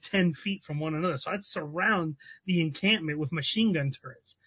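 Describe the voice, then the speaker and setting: A man co-hosting a podcast, telling animated, profane stories and laughing as he talks. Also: fairly high pitch, no echo. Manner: animated storyteller, swears, laughs a lot. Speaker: podcast co-host. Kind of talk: casual chat. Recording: dry, dull lo-fi sound.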